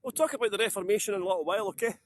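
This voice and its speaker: A Scottish man leads a live-streamed walking tour through town streets outdoors, chatting, joking, and greeting viewers by name. His voice sits high and races along, with no room sound on the recording.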